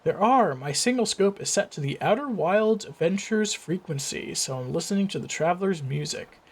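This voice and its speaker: A man's voice: high-pitched, lively intonation, normal speed, slightly rough, full character voice. A man reading a friendly alien villager. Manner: plain read-aloud delivery. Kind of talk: reading game dialogue aloud.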